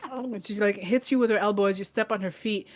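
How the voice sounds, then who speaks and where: Casual young woman running a tabletop game. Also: mid-range voice. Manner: casual, halting, lots of fillers, swears. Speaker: game master.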